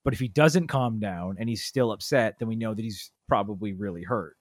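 Man in his thirties, casual storyteller, animated, dry close mic. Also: brisk, no echo. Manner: animated storyteller, acts out quotes with big pitch jumps. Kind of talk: casual chat.

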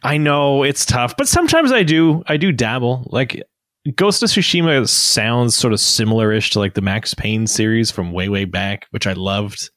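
A man's voice: medium pitch, animated, moderate pace, fairly bright tone, no room sound. A man co-hosting a casual chat, easygoing and agreeable, laughing often. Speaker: podcast co-host.

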